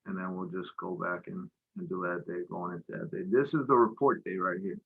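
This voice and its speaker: A man's voice: low-pitched, fairly even intonation, fairly quick, vocal fry, breathy edge, narrow, tinny audio. A man giving a casual market recap while walking through charts, talking in a loose, rambling way with lots of fillers and slang. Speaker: futures trading presenter.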